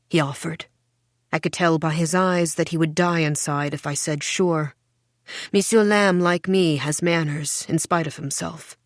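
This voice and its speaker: Low-voiced woman narrating an audiobook. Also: dry recording, clean studio sound. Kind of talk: first-person literary narration.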